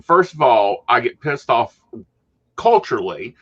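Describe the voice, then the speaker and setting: A male host talking bluntly on a livestream, his voice bright and forceful. The audio is dull and lo-fi, as from a streamed call. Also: medium pitch, very animated, unhurried, breathy edge. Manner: blunt, frank and irritated at scammers. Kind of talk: casual livestream chat.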